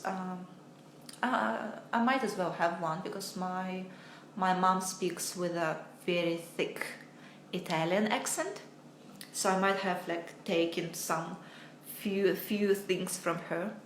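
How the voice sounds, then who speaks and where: A woman's voice: medium pitch, slight background noise. Hesitant woman teacher, roomy echo. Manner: hesitant, many filler sounds, reads viewer comments aloud. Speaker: English teacher. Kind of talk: live online Q&A lesson.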